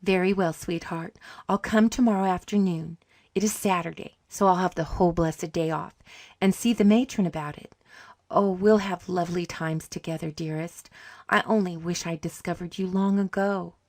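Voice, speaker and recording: Soft, affectionate young woman with a warm, low voice, read by a woman narrator. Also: steady tone, normal speed, no echo, studio quality, natural voice. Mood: tender. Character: gentle, tender young woman, poor but loving. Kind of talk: audiobook reading.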